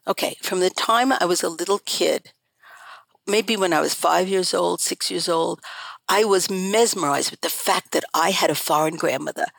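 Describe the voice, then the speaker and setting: A woman's voice: fairly low pitch, normal speed, vocal fry, dry recording, rough recording. An older woman, a guest on an interview show, telling her family story in an earnest, emphatic way that repeats phrases for stress. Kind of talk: conversational storytelling.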